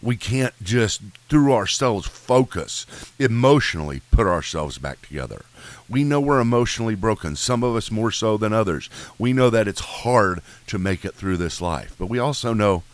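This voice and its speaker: Lively low-voiced man teaching theology. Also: moderate pace. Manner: lively, joking, talks to listeners directly. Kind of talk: informal theology lecture.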